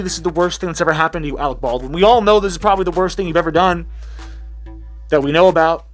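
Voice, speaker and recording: A man ranting in a heated, sarcastic commentary vlog, swearing freely. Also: sits high. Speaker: commentary channel host.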